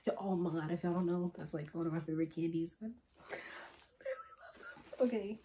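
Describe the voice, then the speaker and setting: A teenage girl unboxing gifts in a casual vlog, excitable and gushing, swinging from loud exclamations to hushed gasps with slangy chatter. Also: on the low side, a little fast, background noise. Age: teens. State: tearful at moments. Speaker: vlogger.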